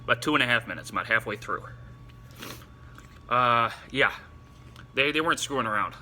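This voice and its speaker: A man filming himself through a spicy food challenge, teary and runny-nosed, talking in halting bursts broken by gasps and exclamations. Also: medium pitch, lively intonation, sharp tone, a little hiss or hum. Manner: halting, breathless exclamations between short remarks. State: eyes watering, nose running, in pain from spice. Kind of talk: casual on-camera commentary.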